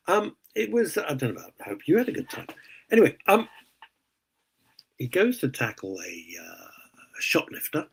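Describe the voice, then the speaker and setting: A man's voice: a little high, wildly swooping pitch, normal speed, creaky, long pauses, husky, low-quality recording. A man hosting a radio show, ranting indignantly in casual opinionated chat. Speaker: radio host.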